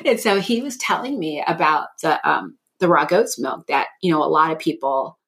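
Her low, gravelly voice carries a touch of brightness as she co-hosts a podcast with animated energy at a moderate pace. The chat is casual, full of long, rambling thinking-aloud sentences.

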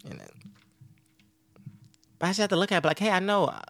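A man's voice: high-pitched, very animated, fast, vocal fry, a bit bright, no echo. A man in his thirties hosting a podcast, rambling casually and profanely about family life, laughing often. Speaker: podcast host.

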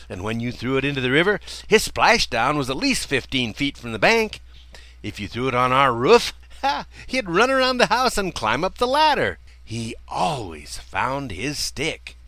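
A man's voice: normal speed, no room sound. An older man telling a personal childhood story in a folksy way, chuckling often as he talks. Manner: folksy, chuckling often, lively swings in pitch.

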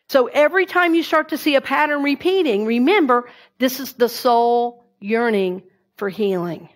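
A woman giving a conversational sermon and leading the congregation in affirmations. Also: fairly high pitch. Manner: warm, conversational preaching with affirmations. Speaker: minister.

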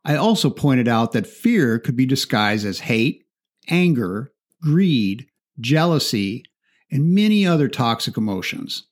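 A man, a martial arts instructor and speaker, telling a first-person story in a calm, confident, measured way. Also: mid-range voice.

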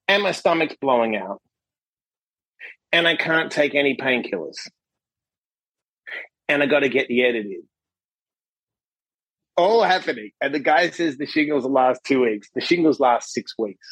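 Animated, husky-voiced man telling a story. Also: a little high, moderate pace, pauses often, dry recording, low-quality recording. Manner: animated, acts out quotes, frequent "right?" tags. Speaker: podcast guest, author and coach. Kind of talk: casual storytelling conversation.

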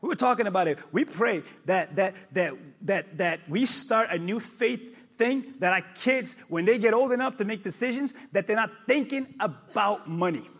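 A male pastor preaching a sermon, emphatic and repetitive, with sudden loud peaks. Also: high-pitched, lively intonation, moderate pace, few pauses.

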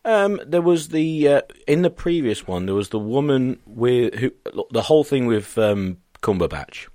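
A man's voice: mid-range voice, animated, moderate pace, dark tone, dry recording, studio quality. A man hosting a casual podcast chat, rambling, swearing and laughing often.

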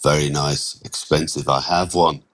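A man voicing a weary Romanian migrant laborer who speaks halting, broken English with a Romanian accent, sad and tired. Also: extremely low pitch, steady tone, a bit bright, voice pushed down, low-quality recording.

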